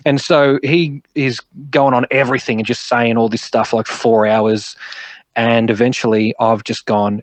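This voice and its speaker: Man, podcast guest, animated yarn-spinner, dry close sound. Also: medium pitch, moderate pace, no echo. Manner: swearing, animated storyteller. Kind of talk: casual chat.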